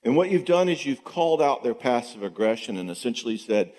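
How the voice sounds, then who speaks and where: Speaking briskly in a mid-range voice, this middle-aged man leads a chatty teaching session at a marriage conference, lively as he plays out what spouses say to each other. His words echo with the long reverb of a church hall.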